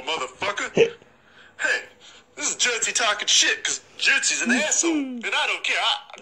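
A man's voice: high-pitched, sharp tone, full character voice, low-quality recording. A man voicing a brash, foul-mouthed hothead who rants profanely in a comedy phone message. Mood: taunting. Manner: profane, aggressive ranting.

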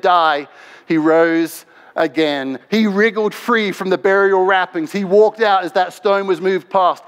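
Male pastor, passionate sermon, bright high voice, long hall echo. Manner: impassioned, swings between loud and hushed. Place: large church sanctuary.

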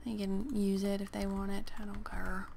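A woman giving casual, playful gameplay commentary while sick, clearing her throat and chatting to the game creatures. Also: medium pitch, flat delivery, normal speed, warm tone, slight background noise. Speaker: gaming let's player.

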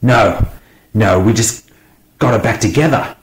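A man's voice: low voice, slow pace, poor audio. Man reading a fed-up spaceship crewman. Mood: desperate. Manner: exasperated, shouty. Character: irritable male spaceship crewman. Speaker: character in an audiobook. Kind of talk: audiobook character voice.

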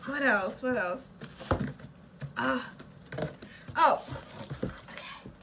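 Young woman vlogger, high and bouncy, unhurried chat broken by excited gasps and squeals. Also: noisy background. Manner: gasping, squealing with excitement, breathy asides. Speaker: reaction video host.

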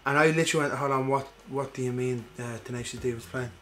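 A man's voice: mid-range voice, fast. Guy, game-stream co-host, loose and sweary, acts out every quote. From Ireland. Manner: swears freely, animated storytelling with acted-out quotes. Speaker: gaming podcast co-host. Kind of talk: casual chat while playing a game.

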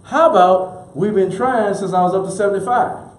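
A man preaches with a high, bright voice, driving points home through repetition and call-and-response. His words ring out in a roomy space with a clear echo. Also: moderate pace. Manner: emphatic preaching, repeats key lines, leads congregation call-and-response. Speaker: minister. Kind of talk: sermon. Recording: roomy echoey room.

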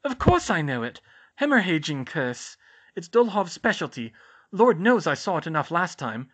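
A man voicing a brisk, motherly middle-aged school nurse in an audiobook, fussing and exclaiming quickly. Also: on the high side, very animated, fairly bright tone, breathy edge, pitched above the performer's own voice, heavily acted. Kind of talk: audiobook character voice.

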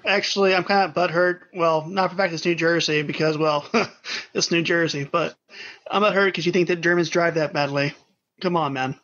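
Man, high bright voice, teasing, playful, muffled lo-fi mic. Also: fairly even intonation, normal speed. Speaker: podcast co-host. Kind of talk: casual podcast banter.

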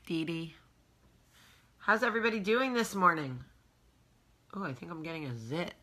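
Woman host, forties, fairly low pitch but a vivid, forceful tone; chatty at-home live chat, calls out viewers by name. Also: expressive, moderate pace. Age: 40s. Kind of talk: casual morning live chat.

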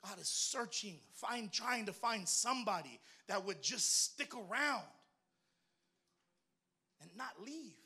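A woman minister preaching a sermon who moves from shouted emphasis to low, soft storytelling. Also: lively intonation, slow, long pauses, slightly rough.

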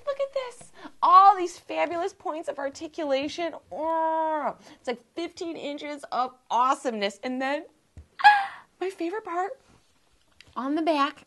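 A woman's voice: very high-pitched, big pitch swings, takes it slowly, sharp tone, a little hiss or hum. A woman hosting a toy review vlog, gushing and giggly as she shows off a horror figure.

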